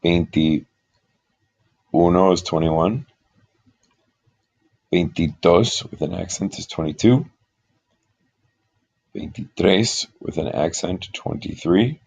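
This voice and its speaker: Explaining at a board, a man teaches Spanish numbers slowly and patiently, going through each example step by step in a methodical way. His voice is low and creaky, with a darkish tone and a breathy edge.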